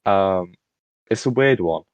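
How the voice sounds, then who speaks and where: A man's voice: low voice, expressive, slow, no room sound. A man co-hosting a podcast in casual chat, rambling with frequent restarts. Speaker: podcast co-host.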